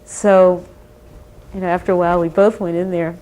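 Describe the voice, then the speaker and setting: A woman's voice: fairly low pitch, flat delivery, normal speed, warm tone, rough recording. A woman recalling old memories in a chatty, casual storytelling way, full of "you know" and "like".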